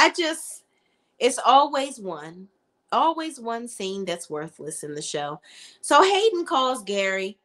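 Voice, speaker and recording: A woman's voice: on the high side, fairly bright tone. A woman giving a casual, blunt and slangy recap of a TV episode, full of her own opinions as a show reviewer.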